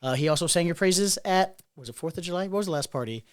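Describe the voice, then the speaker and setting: A man's voice: on the high side, animated, fast, smooth. A young man hosting a casual bar chat podcast, rambling and chatty with lots of fillers. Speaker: podcast host.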